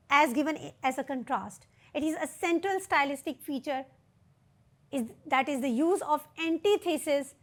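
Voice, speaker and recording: Slow, high-voiced woman lecturing. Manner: slow, deliberate reading of poetry with emphasis; explains terms and asks rhetorical questions. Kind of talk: literature lecture.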